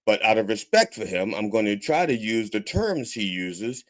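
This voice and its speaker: A man's voice: lowish voice, big pitch swings, moderate pace. A man hosting a comedic church-style podcast, rambling and swearing with preacher mannerisms. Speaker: host of a mock church podcast. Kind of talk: casual comedic sermon-style talk.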